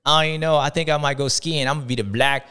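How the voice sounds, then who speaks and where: A man in his thirties with a drawl hosts a racing talk show in a playful, slangy way. His voice is smooth and clear and sits a little high. He keeps leaping up in pitch to act out other people's reactions. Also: steady tone, racing, pushed and bright. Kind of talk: animated casual commentary.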